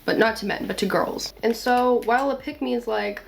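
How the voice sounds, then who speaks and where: A woman's voice: fairly high pitch, moderate pace, gravelly, a little hiss or hum. A young woman making a casual commentary vlog. She talks in a blunt, chatty way, swears now and then and uses a lot of "like". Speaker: video essayist.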